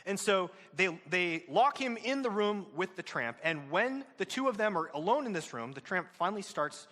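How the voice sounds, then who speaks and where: A man's voice: high-pitched, sing-song, normal speed, pushed and bright, in a large hall. A male teacher retelling a novel's plot to his students, with fillers and questions to the class.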